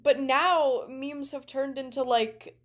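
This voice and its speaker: A woman's voice: high voice, steady tone, takes it slowly, fairly bright tone. A young woman with a Canadian accent, chatting casually while streaming a game, rambling with lots of "like" fillers. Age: young adult. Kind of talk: casual chat while gaming.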